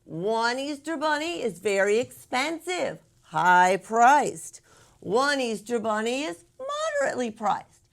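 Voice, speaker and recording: A woman's voice: fairly high pitch, sing-song, slow, creaky. A woman hosting a playful taste test, upbeat and coaxing as she directs her guests. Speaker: segment host.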